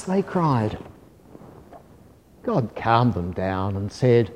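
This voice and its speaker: A man reading a children's story aloud in a gentle, measured, soft-spoken way. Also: lowish voice, big pitch swings, highs cut off. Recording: long hall reverb.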